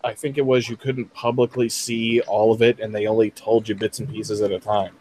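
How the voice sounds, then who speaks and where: Brief: man in his twenties, stream guest, halting casual chat, lots of restarts. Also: lowish voice, level tone, darkish tone, a little hiss or hum, poor audio. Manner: hesitant, restarts his sentences.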